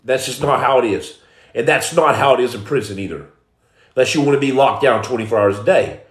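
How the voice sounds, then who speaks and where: A man's voice: medium pitch, a little fast. A man telling his personal testimony in a blunt, emphatic, streetwise way, like a preacher. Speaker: storyteller giving testimony. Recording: roomy echo.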